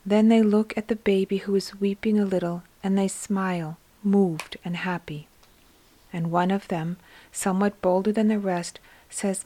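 A woman reading a religious story aloud, narrating and voicing the characters in a soft, hushed manner that often falls into a whisper. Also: medium pitch, steady tone, measured pace.

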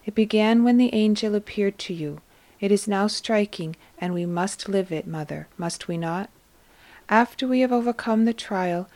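A woman reading the part of Jesus as a gentle grown man comforting his mother, in a calm, tender, measured voice. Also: mid-range voice, lightly acted.

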